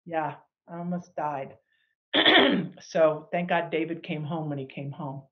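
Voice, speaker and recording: A middle-aged woman sharing a personal healing testimony as a guest, animated and acting out the people she quotes. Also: lowish voice, highs cut off. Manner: animated, acts out quoted dialogue.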